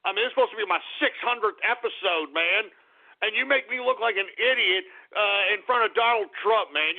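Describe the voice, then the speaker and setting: A man's voice: high voice, normal speed, creaky. A man hosting a call-in radio show, ranting in exasperation, stammering and swearing. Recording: phone-like lo-fi radio audio.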